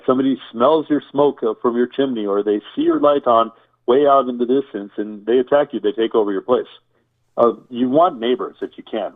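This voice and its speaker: A man talks as a guest in an interview, explaining step by step and piling up lists and rhetorical questions. His voice sits at a middle pitch and comes through a narrow, tinny line like a phone call. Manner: enumerating, repetitive, rhetorical questions. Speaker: survival expert guest.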